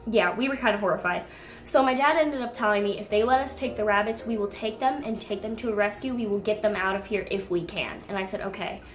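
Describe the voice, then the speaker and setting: A young woman telling a pet rescue story to camera in a casual, animated way, breaking into indignant outbursts. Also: mid-range voice, fast talker. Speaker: pet vlogger. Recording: echoey room with faint music.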